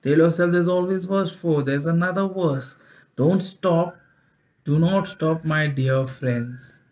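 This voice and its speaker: A man's voice: a little high, takes it slowly, a little mellow. A middle-aged man preaching a sermon, repeating phrases for emphasis and asking the listeners questions.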